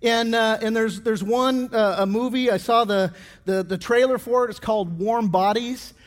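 A man's voice: high voice, steady tone, normal speed, long reverb tail. A middle-aged man preaching a sermon as pastor, telling stories with many restarts and fillers.

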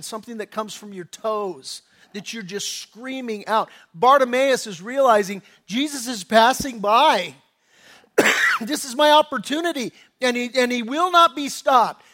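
A male pastor preaching a sermon with passion, going from hushed to shouting, with casual slangy asides. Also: high-pitched.

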